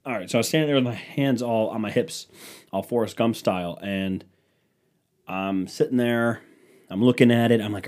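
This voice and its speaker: A man's voice: on the low side, normal speed, darkish tone. A young man hosting a solo podcast, telling rambling, profane stories in a scatterbrained way. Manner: rambling, profane, scatterbrained, mocking voices for quotes. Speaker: podcast host. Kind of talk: casual solo podcast storytelling.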